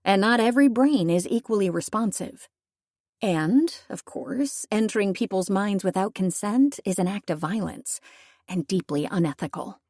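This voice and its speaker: A woman's voice: medium pitch, a little mellow, no room sound, clean studio sound. Young woman narrating an audiobook wryly. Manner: wry, conversational storytelling. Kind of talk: first-person audiobook narration.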